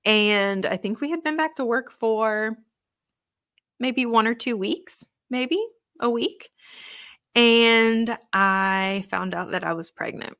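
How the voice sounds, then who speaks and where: A woman's voice: a little high, takes it slowly, a bit bright, clear, resonant tone, no echo, studio quality. A young woman hosting a podcast, sharing a personal faith testimony in an earnest, conversational way. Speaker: podcast host.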